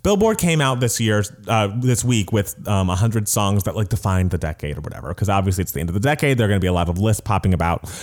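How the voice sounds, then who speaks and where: A man's voice: fairly low pitch, animated, darkish tone. A man co-hosting a casual podcast, chatty and giggly, gushing about things he loves. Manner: chatty, giggly, quick to gush. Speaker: podcast co-host. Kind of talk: casual chat.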